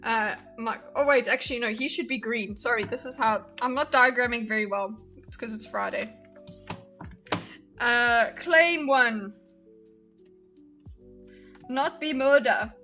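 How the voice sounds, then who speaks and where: A woman streamer with a voice on the high side and a sharp tone speaks a little slowly, pausing often, over faint music. Giggly and chatty, she reacts to videos with her viewers and talks to her chat while drawing a diagram in this casual livestream.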